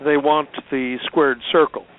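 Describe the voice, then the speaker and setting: A man's voice: on the high side, fairly even intonation, unhurried. A man in a talk show discussion who reads passages and explains them with sardonic asides. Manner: sardonic, chuckles while reading. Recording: phone-like line with faint background noise.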